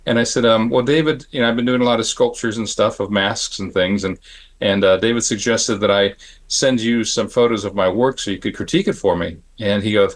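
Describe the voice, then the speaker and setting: Low-voiced man telling animated anecdotes. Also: quick pace. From Phoenix, Arizona. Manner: animated, acts out the people in his anecdotes; frequent throat clearing and restarts. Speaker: panel guest, makeup effects artist. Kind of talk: storytelling on a panel.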